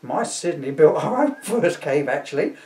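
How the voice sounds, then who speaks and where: A man's voice: on the high side, big pitch swings, moderate pace, a little mellow, pitched above the performer's own voice. A man doing a grumbling bigoted housewife. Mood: indignant. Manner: gossipy, indignant grumbling. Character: complaining bigoted housewife, working class. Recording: roomy, from a distance.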